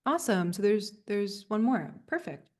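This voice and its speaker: A woman in her thirties coaching a group over a video call, earnest and soft-spoken, with frequent fillers and little laughs. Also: mid-range voice, big pitch swings, normal speed. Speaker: spiritual coach leading a group session. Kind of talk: live community coaching session.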